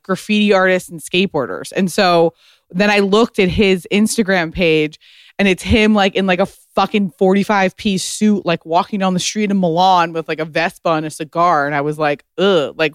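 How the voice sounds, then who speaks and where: A woman guest spills a story in a loose, animated podcast chat, leaning on "like" constantly. Her tone is smooth and resonant. The sound is dry and close, with no room echo. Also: on the low side, normal speed. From United States. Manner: chatty, heavy use of "like", animated retelling.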